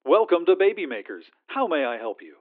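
A man's voice: fairly high pitch, very animated, fairly quick. A man voicing a relentlessly cheerful corporate phone agent through a phone filter, with a sugary customer-service politeness. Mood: sweetly insistent. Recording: tinny phone line.

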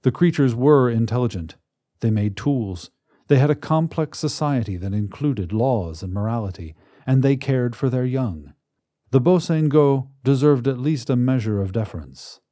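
A man in scripted narration of a science fiction story, telling it in a measured, dramatic way on a close mic. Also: mid-range voice, expressive, mellow, no echo.

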